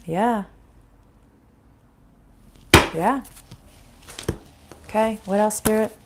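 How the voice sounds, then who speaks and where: A woman's voice: medium pitch, background noise. A woman from the United States gives a casual spiritual card reading into a desk microphone. She is blunt and swears freely, and she breaks into laughter often. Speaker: tarot reader.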